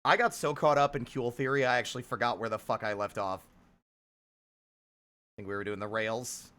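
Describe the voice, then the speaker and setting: A man's voice: mid-range voice, fairly even intonation, normal speed, pushed and bright. A man in his thirties streaming live, chatting casually in a profane, self-deprecating, rambling way. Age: 30s.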